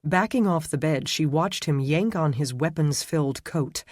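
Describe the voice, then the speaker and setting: Audiobook narrator, man, steady telling, very dry close sound. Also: a little high, normal speed, hardly any pauses, no room sound. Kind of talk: scripted narration.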